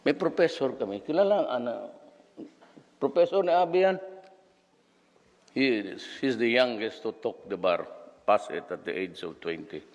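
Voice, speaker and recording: A man's voice: mid-range voice, expressive, moderate pace, long pauses, a little mellow. A man in his seventies with a Filipino accent, telling rambling anecdotes and acting out voices, heard with a long hall reverb. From Philippines. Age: 70s. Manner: code-switching storyteller, acts out voices.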